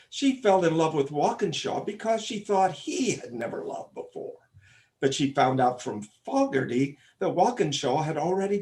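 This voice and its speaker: A pompous, fussing father of the bride, played by a man on stage. His slightly high voice rises and falls in lively, theatrical sweeps. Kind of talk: stage comic opera acting.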